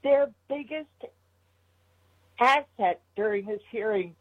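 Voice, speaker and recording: A woman's voice: on the high side, lively intonation, takes it slowly, breathy edge. A woman calling into a radio show, talking in an exasperated, emphatic way. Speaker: caller. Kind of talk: phone-in chat. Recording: muffled phone line.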